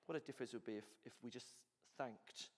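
A man's voice: medium pitch, quick pace. A man pastor giving a conversational sermon to his congregation, often saying "you know" and "so cool". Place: church hall. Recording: long hall reverb.

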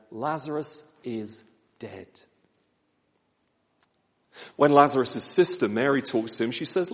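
A man preaching a sermon in a gentle, measured way, slowing down with pauses for emphasis. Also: medium pitch. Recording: long church reverb.

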